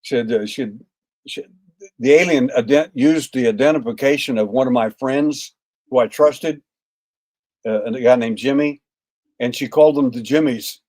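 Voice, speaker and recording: A man's voice: mid-range voice, moderate pace, a little mellow. Folksy older man telling a story. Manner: folksy, acts out quoted dialogue, frequent "uh" fillers. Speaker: podcast guest. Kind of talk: anecdotal storytelling.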